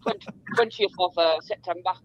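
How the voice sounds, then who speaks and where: A man's voice: high-pitched, huge pitch swings, normal speed, creaky. A man calling in to a football phone-in, repeating and stumbling over his words. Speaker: caller. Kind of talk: phone-in chat. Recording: dull phone-line sound.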